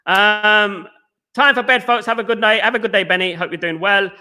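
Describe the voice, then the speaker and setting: Guy hosting a live fan stream, high bright voice, talks super fast, chatty. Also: steady tone. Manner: very fast-talking, reads out viewer comments. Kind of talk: casual live stream chat.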